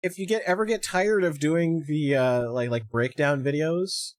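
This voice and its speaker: A man's voice: fairly high pitch, moderate pace, no room sound. A man co-hosting a podcast, joking and teasing the guest in casual chat. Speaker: podcast co-host.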